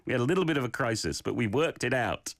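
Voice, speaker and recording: A man's voice: medium pitch, animated, quick pace, no echo. A man teaches a short Korean sentence, with lots of rise and fall in his voice. He goes through listeners' clips one by one and praises their flow and pronunciation. The sound is close and dry, with no room around it. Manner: encouraging, gives feedback on learners' recordings. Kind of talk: casual language lesson.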